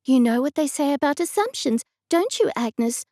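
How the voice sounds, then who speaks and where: Woman narrator doing a vague, cheerful old aunt, higher voice. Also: lively intonation, normal speed, warm tone, no echo, clean studio sound. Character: dotty, unflappable older aunt.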